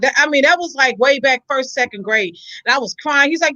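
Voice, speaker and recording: A woman with a high, bright voice chats casually and bluntly, swearing freely as she tells stories. The sound is dry and a little dull, like a lo-fi stream. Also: animated, normal speed, no echo. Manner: blunt, profane storytelling, reads viewer comments. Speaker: co-host. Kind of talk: casual chat.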